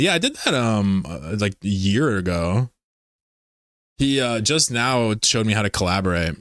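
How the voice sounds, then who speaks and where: Low-voiced man chatting on a livestream. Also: animated, a little fast, a bit bright, dry recording, studio quality. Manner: rambling, laughs often, reads chat aloud. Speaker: livestream host. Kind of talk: casual livestream chat.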